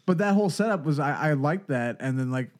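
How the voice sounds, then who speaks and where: A man's voice: a little high, expressive, fairly quick. A man co-hosting a casual movie chat, speaking hesitantly with many fillers. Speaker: podcast co-host.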